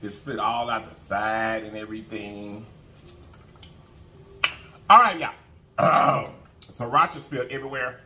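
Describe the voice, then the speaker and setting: A man's voice: mid-range voice, slow, pauses often, pushed and bright, a little hiss or hum. A man hosting an eating show, chatting casually to his viewers and humming as he eats. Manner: chatty, folksy, keeps addressing viewers, hums while eating. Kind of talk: casual mukbang chat to viewers.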